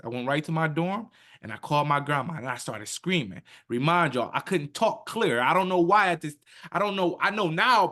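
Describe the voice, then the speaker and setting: A man in his thirties, a podcast guest, telling his story in an animated, emphatic way and acting out quotes in his own voice. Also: a little high. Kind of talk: emotional personal storytelling.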